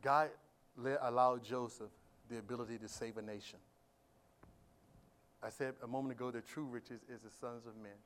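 A man preaching a sermon as pastor, swinging from quiet talk to loud shouted emphasis and asking the congregation questions. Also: mid-range voice, fairly even intonation, normal speed, long pauses. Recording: live church sermon audio.

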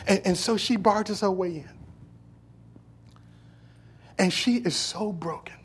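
Preaching a sermon, a man passionately retells a story and acts out what the characters say. His voice sits high with a breathy edge, and he speaks slowly with frequent pauses.

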